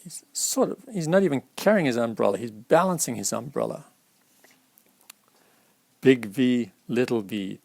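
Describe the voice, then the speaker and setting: A man's voice: mid-range voice, animated, moderate pace, gravelly, pauses often, a little mellow, no room sound. A man reading a children's alphabet picture book aloud at storytime, stopping to explain the pictures to young listeners. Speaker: storytime reader.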